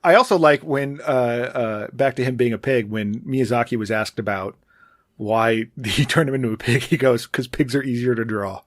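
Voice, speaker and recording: Relaxed man musing on a dry mic. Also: medium pitch, normal speed, no room sound. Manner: relaxed, hesitant, many fillers, trails off quietly. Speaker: podcast co-host. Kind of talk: casual chat.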